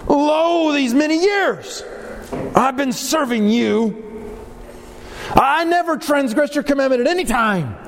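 Preacher doing a bitter older brother, sarcastic, pitched up, echoey hall with a faint hum. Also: male voice, expressive, slow, exaggerated voice. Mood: resentful. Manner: sarcastic, aggrieved complaining. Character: resentful older brother, adult man, bitter.

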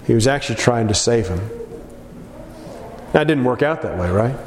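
A man preaching a sermon in an animated way, acting out characters from the story as he goes. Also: medium pitch, moderate pace, slight background noise. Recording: echoey hall with long reverb.

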